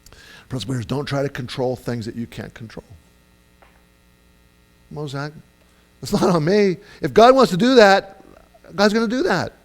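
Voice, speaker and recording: A man's voice: on the high side, lively intonation, moderate pace, pauses often, low-quality recording. A man preaching a sermon as pastor, talking casually with many fillers, asides and restarts.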